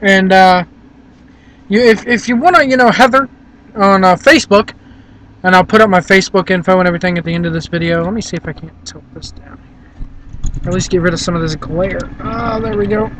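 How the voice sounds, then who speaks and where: A man's voice: high-pitched, fairly quick, a bit bright, slight background noise, low-quality recording. A man from Virginia rambling casually and bluntly to the camera in a vlog, filmed on a handheld camera in a car. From Virginia, USA. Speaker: vlogger.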